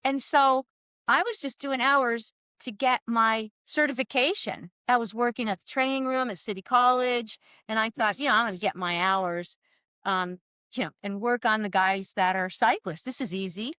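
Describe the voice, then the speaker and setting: A woman in her sixties telling lively stories in a casual podcast interview, acting out the voices of people she quotes. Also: fairly high pitch, normal speed, clear, resonant tone, no echo, studio quality. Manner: animated storyteller, acts out quoted voices, laughs often. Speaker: guest, former team soigneur.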